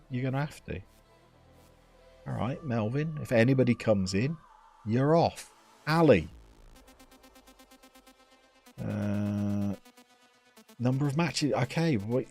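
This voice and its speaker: A man in his thirties from England chatting casually and teasing viewers while he streams a game from home. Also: medium pitch. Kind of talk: casual live-stream chat.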